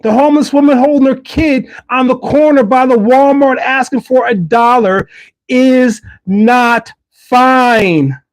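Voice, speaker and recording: A man's voice: very high-pitched, measured pace. A middle-aged man hosting a livestream, giving an earnest, emphatic faith-based motivational talk and repeating key phrases. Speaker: livestream host.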